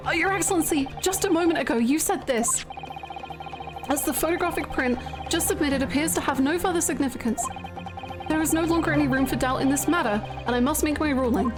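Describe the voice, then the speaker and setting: A woman reading an earnest, flustered rookie lawyer from a game, high and quick to stammer. Game music plays clearly underneath. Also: natural voice. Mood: anxious. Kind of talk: reading game dialogue aloud.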